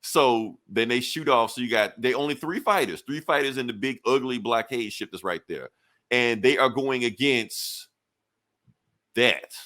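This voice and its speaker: A man casually reviewing a comic book, animated and acting out scenes with quick voices. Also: medium pitch.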